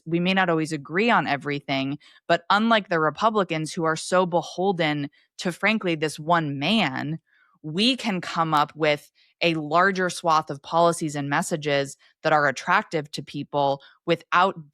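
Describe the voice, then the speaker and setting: A woman's voice: sits low, a bit bright, no echo, studio quality. A woman co-hosting a political podcast, talking in an opinionated, emphatic, casual way. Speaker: podcast co-host.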